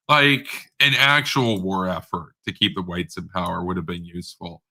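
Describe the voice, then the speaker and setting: A man's voice: sits low, steady tone, normal speed, few pauses, sharp tone. A man giving a casual political rant, rambling and blunt, with many fillers, stammered restarts and sarcastic asides. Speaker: political commentator.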